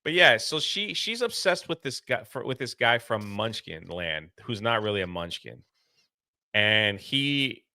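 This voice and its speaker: A man co-hosting a casual movie review, retelling the plot in an animated way and acting out the characters' lines. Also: fairly low pitch, a little slow, dry recording, clean studio sound. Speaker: podcast co-host.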